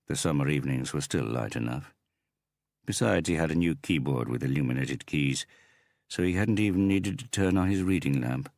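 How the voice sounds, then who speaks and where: Super deep voiced guy reading an audiobook, measured and even, bone dry sound. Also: no echo. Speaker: audiobook narrator. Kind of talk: scripted narration.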